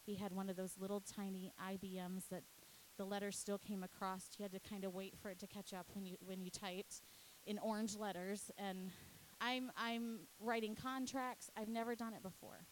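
A woman's voice: medium pitch, steady tone, normal speed, few pauses, slight background noise, poor audio. A woman, a youth pastor, earnestly telling a personal faith testimony, at times emotional. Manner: earnest storytelling, often emotional.

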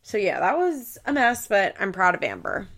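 Woman, podcast host, casual recap chat, vocal fry, opinionated, lots of fillers. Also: medium pitch, big pitch swings, normal speed, fairly bright tone. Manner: chatty, heavy use of "like" fillers; opinionated, emphatic.

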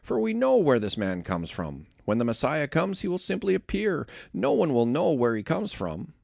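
A man's voice: a little high, wildly swooping pitch, normal speed, vocal fry, a little mellow, no room sound, studio quality, pitched above the performer's own voice, full character voice. A man reading the lines of puzzled, doubting townsfolk, asking wondering questions.

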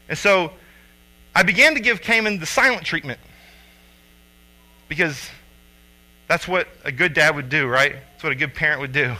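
High bright-voiced man telling a story. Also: moderate pace, pauses often, poor audio. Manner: animated storyteller acting out quotes loudly. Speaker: father and youth coach. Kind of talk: personal storytelling.

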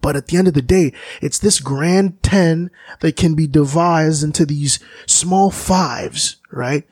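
A man, a musician, talking in a slow, searching, philosophical way, often restarting his sentences. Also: fairly high pitch, a little mellow, husky, dry recording. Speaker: musician guest. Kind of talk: reflective conversation.

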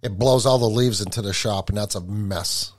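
A man's voice: on the low side, moderate pace. Easygoing man hosting a casual chat. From New England. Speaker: podcast host.

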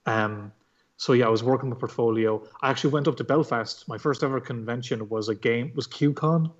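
A man's voice: medium pitch, brisk. Irish guy rambling on in a chatty interview, lots of ums, swears a bit, muffled lo-fi audio. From Ireland. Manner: rambling, full of fillers and swearing. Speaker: comic book artist guest. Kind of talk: casual storytelling interview.

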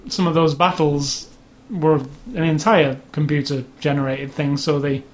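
A man's voice: a little high, flat delivery, unhurried. A man, co-hosting a casual podcast chat, rambling with lots of fillers. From England. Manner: chatty, rambling, with frequent fillers. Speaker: podcast co-host.

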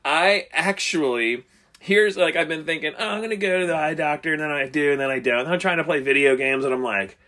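A man's voice: on the high side, a little fast, pushed and bright. A man co-hosting a casual podcast chat, joking and swearing as he tells stories. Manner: profane, joking storyteller.

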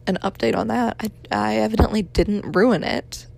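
A woman's voice: medium pitch, steady tone, normal speed, vocal fry, a little mellow. A young woman in her twenties leaving a rambling, apologetic voicemail, tired and yawning as she talks.

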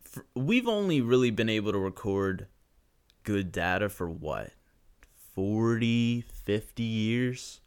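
A man's voice: lowish voice, expressive, takes it slowly, clear, resonant tone. A young man ranting profanely and sarcastically through a solo podcast monologue.

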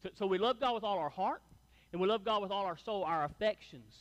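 A middle-aged male pastor delivers a Sunday sermon to his congregation. His voice sits high and light. He talks loosely and informally, peppering his points with little asides to the room. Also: brisk, long reverb tail. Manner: conversational, folksy, tag questions like "right?" and "man". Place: church sanctuary before a congregation.

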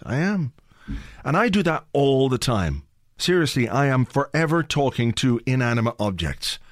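Male podcast host, mid-pitched, rambling, swears freely, dry home-office sound. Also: no room sound. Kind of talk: casual chat. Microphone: home office mic.

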